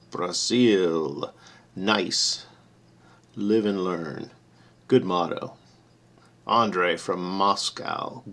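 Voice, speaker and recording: Gravelly low-voiced man reading guest messages. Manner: relaxed, amused, reads names aloud and reacts briefly. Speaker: electronics channel host. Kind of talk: casual commentary reading visitor messages.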